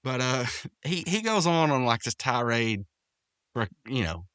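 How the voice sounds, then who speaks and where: A man's voice: medium pitch, big pitch swings, unhurried, fairly bright tone, clean tone, no room sound, studio quality. A man hosting a podcast, casually recapping a cartoon episode, rambling with lots of fillers and restarts. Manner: rambling, full of fillers and restarts, quotes characters in raised voices.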